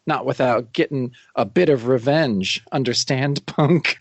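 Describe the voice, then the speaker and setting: A sleazy, menacing male sailor thug taunts a rival in a gruff, slow voice, read out by a man. The pitch sits in a middle range and the sound is dry and close. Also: no echo. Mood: taunting.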